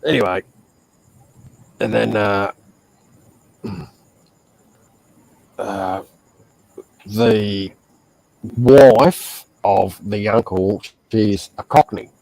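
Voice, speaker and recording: A man's voice: fairly low pitch, steady tone, extremely slow, creaky, long pauses, a little mellow, low-quality recording. A man with an Australian accent chatting casually on a stream, telling stories in a blunt, profane way. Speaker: stream host. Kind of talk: casual chat.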